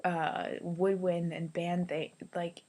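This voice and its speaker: Young woman vlogger, casual excited storytelling, slightly low voice, lots of "like" and "um", recorded in a hostel lounge. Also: takes it slowly. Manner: chatty, excited, many "like"s and "um"s. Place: youth hostel hangout space.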